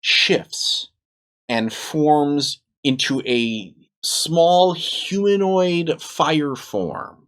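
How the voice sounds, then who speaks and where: A game master narrating a tabletop game, animated and acting out sound effects. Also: medium pitch, extremely slow.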